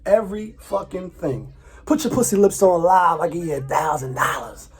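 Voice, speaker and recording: Man, high voice, husky tone, casual profane vlog rant. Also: lively intonation, moderate pace. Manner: loose, profane, repeats himself, laughs often. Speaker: vlogger. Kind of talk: casual commentary.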